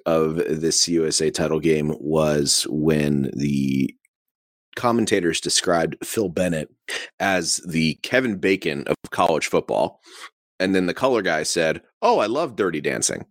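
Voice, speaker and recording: A man's voice: a bass voice, a little slow, no room sound, studio quality. A man co-hosting a casual sports podcast, easygoing and self-deprecating, laughing at his own slips. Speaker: podcast co-host.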